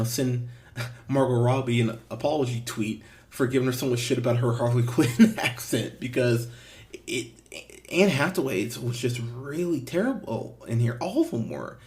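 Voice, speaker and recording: A man hosting a movie podcast, giving a casual, blunt review with frequent swearing and restarts. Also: mid-range voice. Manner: blunt, swears, lively emphasis with fillers and restarts. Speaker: podcast host.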